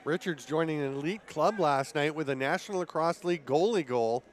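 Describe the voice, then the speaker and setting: Male color analyst, easygoing and explanatory, voice a bit higher than most men. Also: a little fast. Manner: relaxed analytical color commentary. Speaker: color commentator. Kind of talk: sports commentary.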